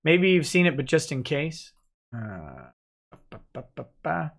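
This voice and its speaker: Guy with a kinda high voice reading chat on a chill stream, offhand and chatty. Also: sing-song, unhurried, creaky, fairly bright tone. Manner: reads donor messages aloud, chatty and offhand. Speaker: livestream host reading chat. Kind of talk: relaxed live-stream chat.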